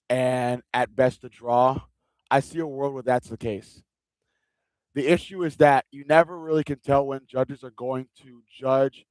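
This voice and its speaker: A man's voice: medium pitch, no echo, poor audio. A man giving casual, rambling live commentary on a fight stream from a gaming chair, often repeating himself. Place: seated in a gaming chair at home.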